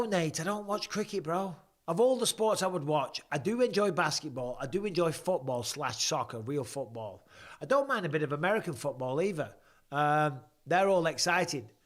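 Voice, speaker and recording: A man, chatting bluntly and swearing as he reads viewer questions on a live stream. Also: on the high side. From England. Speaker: livestream host watching fights.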